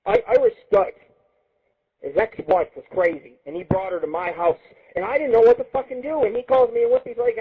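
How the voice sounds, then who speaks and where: A man's voice: high voice, wildly swooping pitch, a little fast, husky. A man hosting an internet radio show, ranting crudely and rambling with constant swearing. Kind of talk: profane comedic radio rant. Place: home radio studio. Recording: tinny phone-like lo-fi stream.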